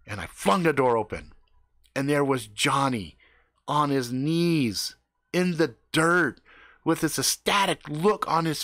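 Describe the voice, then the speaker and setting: A man improvising a profane comic horror story, swinging between loud outbursts and hushed suspense. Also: mid-range voice, no room sound, clean studio sound. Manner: profane, animated, drops to hushed tones for suspense.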